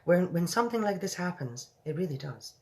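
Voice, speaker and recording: Jittery stammering maid, middle-aged, kinda gravelly voice, lady doing her. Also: fairly low pitch, expressive, brisk, a little mellow, voice pushed up. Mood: anxious. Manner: quivering, stammering, deferential.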